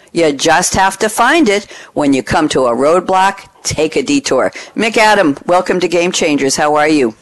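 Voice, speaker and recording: A woman hosting a business radio talk show, emphatic and upbeat, spelling out names as she introduces guests. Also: low voice. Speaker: radio show host and moderator. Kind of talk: scripted radio show opening.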